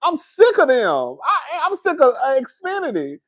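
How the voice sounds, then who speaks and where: A man's voice: very high voice, wildly swooping pitch, measured pace, a bit bright. A man, hosting a casual livestream and venting in a sassy, exasperated way to his viewers. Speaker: livestream host.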